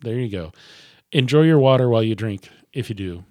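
A man's voice: mid-range voice, lively intonation, fairly quick, warm tone, dry recording. A man hosting a casual podcast chat with friends, easygoing and laughing often as he wraps up the show. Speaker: podcast host.

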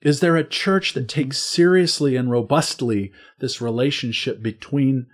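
A man in a relaxed conversation, earnestly explaining points of faith and stressing key words. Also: mid-range voice, a little slow. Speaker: guest. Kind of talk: casual theological conversation.

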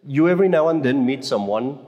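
A man's voice: medium pitch, lively intonation, brisk, mellow, dull audio. Man giving a chatty talk in an echoey hall. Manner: conversational and joking, with frequent stammered restarts. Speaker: speaker at a conference for Catholic mothers. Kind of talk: informal faith talk to an audience. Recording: echoey hall with long reverb.

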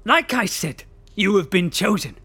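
A man's voice: sits high, big pitch swings, normal speed, background noise. An actor playing a pompous man who poses as Edgar Allan Poe with a put-on Southern American drawl and grand theatrical delivery, in a comedic audio drama. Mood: ominous.

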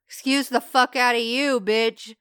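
High-voiced woman cohost, slow blunt talker who swears, crisp dry sound. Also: fairly even intonation, fairly bright tone, no room sound. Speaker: podcast co-host. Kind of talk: casual chat.

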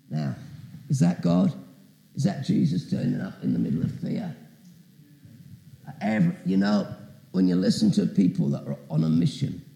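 A man's voice: on the high side, gravelly, mellow, reverberant, low-quality recording. A man preaching as a guest speaker, telling a story with asides and questions to the audience. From Britain. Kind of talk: testimony sermon.

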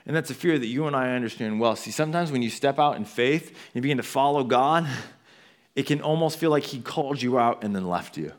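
Animated man preaching a sermon. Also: a little fast. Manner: animated storytelling, acting out quotes with big swings in pitch and volume; conversational asides to the congregation. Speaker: pastor.

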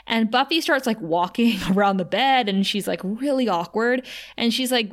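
A woman's voice: mid-range voice, moderate pace. Chatty young woman recapping a show. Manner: chatty and animated, quoting characters with laughs. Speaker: podcast co-host recapping a TV episode. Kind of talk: casual chat.

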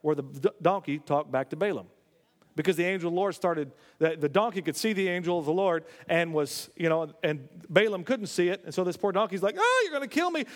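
A male pastor delivers a sermon in a fairly high voice, retelling the story with lively acted-out character voices. He often trips over and restarts his phrases. The sound carries a long reverb, as in a big hall. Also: brisk.

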